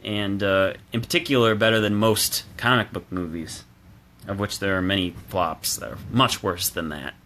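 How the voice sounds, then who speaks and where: A man's voice: lowish voice, fairly even intonation, normal speed, sharp tone. A man giving a casual, opinionated solo film review, chatty with restarts and fillers, recorded alone at home.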